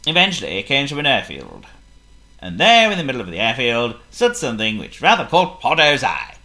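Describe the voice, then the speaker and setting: A storyteller reading a children's picture book aloud in a lively, theatrical way. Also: mid-range voice, brisk. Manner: lively, theatrical, voices every figure.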